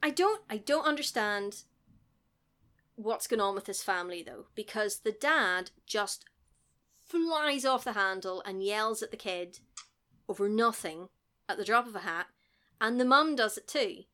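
A woman's voice: mid-range voice, expressive, measured pace, sharp tone. A woman in casual chat, rambling through a film recap and acting out the lines she quotes. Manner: rambling, laughs often, acts out quotes.

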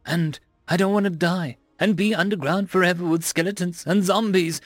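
A man's voice: sits high, fairly even intonation, normal speed, no room sound, studio quality, pitched above the performer's own voice. A man voicing a sickly sweet scheming pixie girl. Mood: sugary pleading. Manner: sugary, mocking, fake-innocent pleading.

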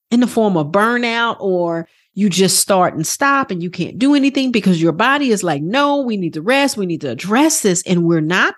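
A woman with a husky, slightly breathy voice speaks as a wellness coach on her podcast. Her pitch swings widely as she presses her points with earnest, casual energy. She swears freely and acts out little quoted voices. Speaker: wellness coach and program host. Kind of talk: motivational podcast talk.

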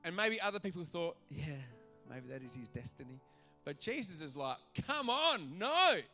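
A male pastor preaching a sermon to a church congregation, animated and acting out the voices in his stories. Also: a little high, moderate pace, faint music behind. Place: church auditorium.

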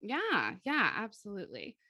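A woman in her thirties, co-hosting a casual podcast chat and telling stories with lively, animated delivery. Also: medium pitch, moderate pace. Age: 30s. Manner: lively, animated storytelling with quoted voices and laughs. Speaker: podcast co-host and life coach.

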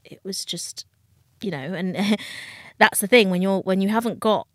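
As an interview guest, a female dating coach speaks frankly and emotionally, acting out the voices of people she quotes. Her mid-range voice keeps a measured pace, and the studio-quality recording has no room sound.

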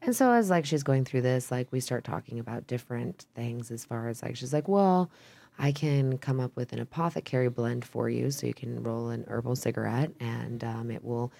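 A woman's voice: extremely low pitch, a little fast, gravelly, hardly any pauses, mellow. A young woman from Idaho, a podcast guest talking in a casual, rambling way, full of "like" and "um," swearing freely. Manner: rambling, frequent "like" and "um", candid with swearing. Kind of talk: casual chat.

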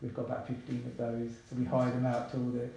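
A man, talking casually as a podcast guest in a relaxed, chatty way with many asides. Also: medium pitch, fast, vocal fry, a little hiss or hum. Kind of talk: casual interview talk. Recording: very echoey room.

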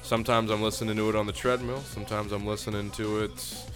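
A man's voice: fairly low pitch, level tone, quick pace, over music. A man co-hosting a casual wrestling podcast, chatting and plugging the show in a laid-back announcer way. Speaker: podcast co-host.

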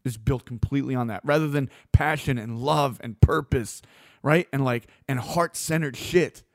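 A man delivering a blunt, opinionated monologue as a host, swearing freely and getting animated. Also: medium pitch, normal speed, no room sound, clean studio sound.

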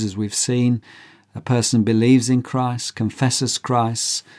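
A man's voice: medium pitch, a little mellow. A man preaching a sermon, earnest and emphatic, telling a courtroom story to his listener. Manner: earnest, emphatic, acts out characters' voices.

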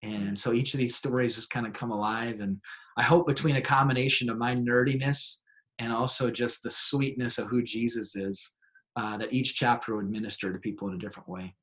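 Young male pastor guest, lively anecdote teller, middle pitch. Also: fairly quick. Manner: animated storyteller, acts out excited voices. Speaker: pastor and author. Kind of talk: interview storytelling.

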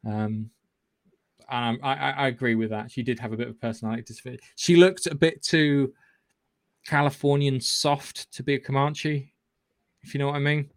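This podcast host's casual film recap wanders, with frequent swearing and false starts. His voice is medium-pitched and steady at a normal speed, captured in a dry, clean studio recording.

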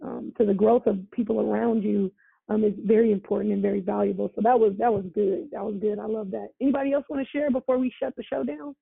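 A woman hosting a prayer line call, talking fast and affirming the callers. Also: a little high, creaky, husky. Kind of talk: casual faith call sharing. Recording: tinny phone line.

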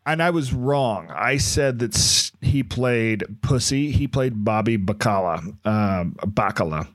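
A man's voice: medium pitch, slow, no echo. A man chatting casually as a podcast co-host, laid-back and often trailing off and restarting. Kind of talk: casual chat.

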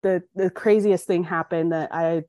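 A woman's voice: on the low side, normal speed, dry recording, clean studio sound. A young woman from Colorado, a podcast guest, telling her life story frankly and acting out the voices of people in it. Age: young adult. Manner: frank, animated, acts out quoted dialogue. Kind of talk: candid interview storytelling.

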